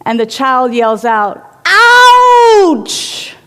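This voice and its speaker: A woman's voice: high-pitched, slow, in a large hall. A woman giving an inspirational sermon in a reflective manner, telling stories and repeating phrases for emphasis. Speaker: inspirational speaker.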